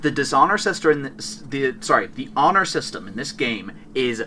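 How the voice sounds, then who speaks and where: On a laid-back gaming podcast, this man co-hosts with a bright, forceful, sing-song delivery at medium pitch and normal speed. He rambles excitedly and keeps revising what he says. He sits far from the mic, and there's slight background noise.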